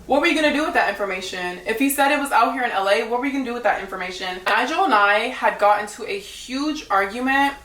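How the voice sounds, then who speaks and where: A woman's voice: fairly high pitch, animated, quick pace, few pauses, fairly bright tone. A young woman, a reality dating show contestant, telling her side in a blunt, gossipy way, full of "like". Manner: blunt, gossipy, heavy use of "like". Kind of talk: casual storytelling to camera. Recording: echoey room, mic at a distance.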